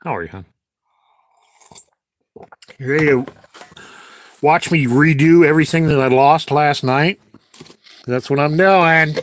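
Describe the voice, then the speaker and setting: A man's voice: a little high, unhurried, pauses often, a little hiss or hum. A man chatting casually on a livestream while he edits video, talking to himself and to his viewers as he works.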